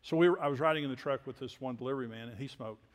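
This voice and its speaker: An older man from Texas, a preacher telling personal stories in a sermon with folksy, self-deprecating humor and quiet asides. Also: medium pitch, racing. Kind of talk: sermon storytelling. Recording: long hall reverb.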